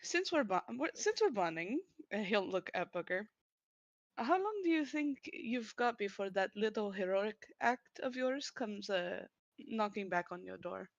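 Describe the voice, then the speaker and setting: A woman's voice: medium pitch, expressive, measured pace, no echo. A woman playing a tabletop role-play, teasing and probing as she talks, with frequent laughs. Her voice sits mid-range. The recording is dry and dull, as from a modest mic. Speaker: player.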